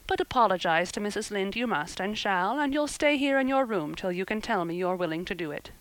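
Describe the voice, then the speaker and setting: A woman's voice: mid-range voice, lively intonation, fairly quick, no room sound, natural voice, poor audio. A woman reading an audiobook, voicing a stern, dry-witted middle-aged guardian woman who speaks in a dry, reproving way.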